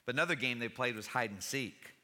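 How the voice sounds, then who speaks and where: A man's voice: mid-range voice, fast talker, pushed and bright. A man preaching a sermon in church, in a conversational way with wry humor. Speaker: pastor. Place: church sanctuary. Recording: reverberant church hall.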